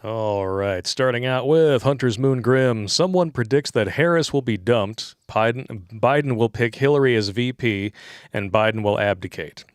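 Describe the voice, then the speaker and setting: A man's voice: medium pitch, moderate pace, smooth, dry recording, studio quality. A man co-hosting a live stream, reading viewer chat aloud and commenting sarcastically, often laughing at his own jokes.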